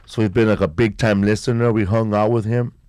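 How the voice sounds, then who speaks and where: Laid-back podcast host, dry sound. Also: male voice, steady tone, fairly quick, a little mellow, smooth, dry recording. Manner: laid-back storytelling, slangy, low-key delivery. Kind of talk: casual podcast chat.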